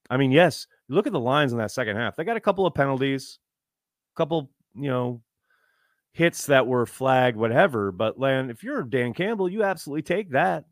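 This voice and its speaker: A man's voice: mid-range voice, dry recording, studio quality. A man hosting a fan podcast, exasperated and swearing freely as he rants and reads viewer messages. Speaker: podcast host. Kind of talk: live fan podcast rant.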